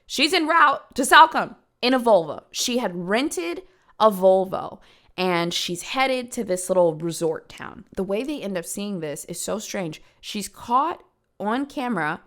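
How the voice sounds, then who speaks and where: A woman's voice: mid-range voice, lively intonation, a little slow, a bit bright. A young adult woman hosting a podcast, telling a true-crime story casually and emphatically, swearing now and then. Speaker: podcast host.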